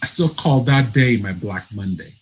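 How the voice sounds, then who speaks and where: Animated male storyteller from Africa. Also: on the low side, normal speed, slight background noise, low-quality recording. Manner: animated storyteller, laughs often, acts out dialogue. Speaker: guest. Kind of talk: storytelling interview. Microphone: remote call.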